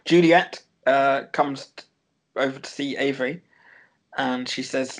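A man's voice: mid-range voice, unhurried, low-quality recording. Giggly man recapping a TV episode. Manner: chatty, giggly, rambling with fillers.

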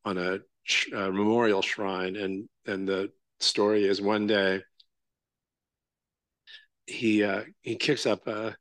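Low-voiced man giving a casual dharma talk. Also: level tone, a bit bright, dry recording. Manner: casual, halting, full of fillers and "right?" checks. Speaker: Zen teacher.

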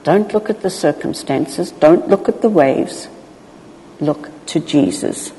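A woman preaching a sermon, expressive, acting out the voices of people in the story. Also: low voice, slow, slight background noise. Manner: expressive, acts out Bible voices. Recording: long hall reverb.

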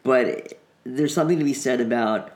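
A middle-aged man co-hosting a casual podcast, halting, with dry jokes. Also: medium pitch, a little mellow. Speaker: podcast co-host.

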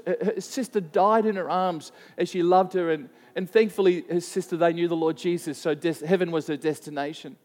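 Earnest high-voiced male preacher. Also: darkish tone, long reverb tail. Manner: earnest, with repeated restarts. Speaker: pastor. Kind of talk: sermon storytelling. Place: church.

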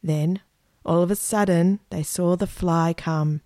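A woman reads a children's story aloud, gentle and unhurried. Her voice sits low for a woman. The recording is dry and close, with no room sound. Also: steady tone, no echo.

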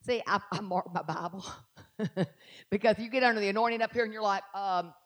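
A middle-aged woman, preaching a sermon and swinging from soft asides to loud, drawn-out emphasis. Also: mid-range voice. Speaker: pastor.

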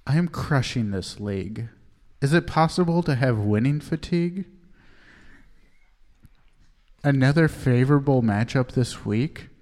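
A man playing an overly earnest male poet who chokes up while reading his own verse, in a halting, self-serious way for a comedy sketch. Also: mid-range voice, animated, a little mellow, lightly acted. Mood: proud. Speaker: guest poet. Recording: long reverb.

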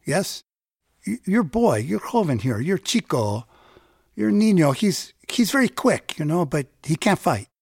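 A man's voice: high voice, very animated, unhurried, gravelly, darkish tone, slightly rough, no echo, clean studio sound, voice pushed up, full character voice. A man putting on an urgent Chicano neighbor. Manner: stammering repeats, pleading insistence. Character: burly adult neighbor man, urgent and caring. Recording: music bed underneath.

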